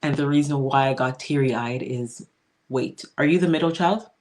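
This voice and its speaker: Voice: medium pitch, normal speed, darkish tone. A podcast host in casual conversation, offering brief, supportive affirmations and follow-up questions. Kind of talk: casual interview chat.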